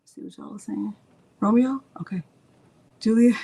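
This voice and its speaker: A woman's voice: a little high, normal speed, creaky, dark tone, slightly rough. Chatty woman hosting a live craft stream. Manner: chatty, narrates her clicks aloud and answers live chat; talks to herself under her breath at times. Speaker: craft channel host. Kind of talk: casual live crafting tutorial.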